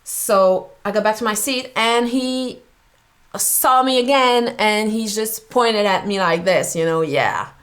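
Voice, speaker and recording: A young woman artist reacting to an old video of herself, talking slowly with many pauses and laughs, moved and at a loss for words. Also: medium pitch, fairly bright tone. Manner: slow, halting, laughs often, moved and speechless. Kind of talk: emotional reaction vlog.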